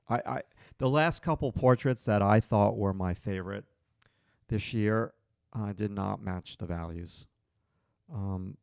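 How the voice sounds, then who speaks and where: A man with a low, gravelly voice teaches portrait drawing on a live stream. He thinks aloud as he works and answers viewers in the chat. The sound is close and dry. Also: a little mellow, no echo. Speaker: art instructor hosting a live stream.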